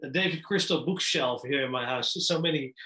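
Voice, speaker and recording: A man interviewing a guest, asking questions hesitantly with many pauses and restarts. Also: medium pitch, pushed and bright, echoey room, poor audio.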